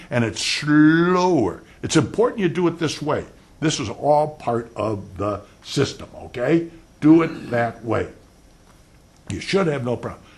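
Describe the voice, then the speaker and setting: An older man giving an animated law lecture on cross-examination, acting out both roles and swinging between loud and soft. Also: lowish voice, creaky, a little hiss or hum. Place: lecture hall.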